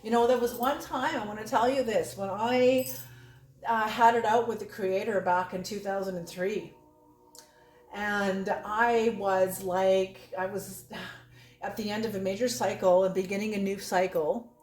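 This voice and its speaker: A woman's voice: medium pitch, fairly even intonation, a little slow, darkish tone. A woman giving a casual spoken tarot reading, blunt and laughing often, swearing freely. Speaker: tarot reader. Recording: roomy echo.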